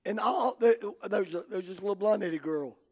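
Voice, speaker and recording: An older man with a Southern US drawl delivers a sermon in a high voice. He tells folksy stories and swings from hushed, low passages up to shouting. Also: fairly quick, breathy edge. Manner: folksy storytelling. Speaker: preacher.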